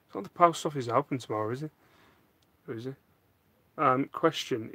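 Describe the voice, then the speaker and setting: A man's voice: medium pitch, moderate pace, pauses often, pushed and bright, slightly rough, no room sound. Jokey man chatting live. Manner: jokey, self-mocking, reads out comments. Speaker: live stream host answering viewer questions. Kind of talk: casual chat. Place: home loft.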